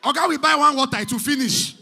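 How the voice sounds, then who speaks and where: Loud, high-pitched Nigerian MC man. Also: fast talker. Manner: loud, playful, sing-song. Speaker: master of ceremonies. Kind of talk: hyping a party crowd with pidgin banter.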